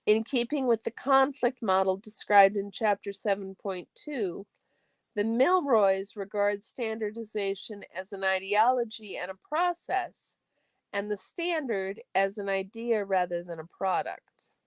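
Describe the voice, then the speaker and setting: Woman, mid-pitched, steady textbook read-aloud for a study stream, careful with occasional self-corrections, dry close sound. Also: unhurried, no echo.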